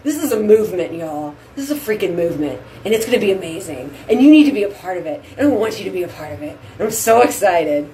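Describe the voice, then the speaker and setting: A woman's voice: on the low side, lively intonation, fast, few pauses, warm tone, rough recording. A woman hosting a casual vlog, chatting effusively to her viewers from a bathroom sink at home. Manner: chatty and effusive, says "y'all". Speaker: vlog host. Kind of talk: casual chat to camera.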